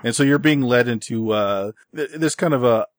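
A man narrating as game master of a tabletop role-playing game, halting with many filler words. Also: mid-range voice, no room sound, clean studio sound.

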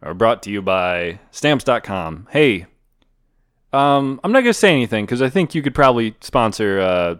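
A rambling, self-important podcast host, stressed and forever losing his point, as a man puts him on. The voice sits a touch low and sounds close and dry. The pompous, halting delivery carries the character more than any change of voice. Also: very animated, smooth, no echo. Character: neurotic stressed middle-aged male podcast host.

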